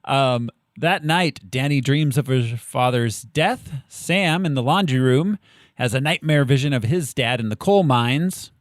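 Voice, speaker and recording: A young man co-hosting a podcast, chatting casually about a film, laughing often and pausing on fillers. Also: medium pitch, dry recording, clean studio sound. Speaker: podcast co-host. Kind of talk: casual chat recapping a film.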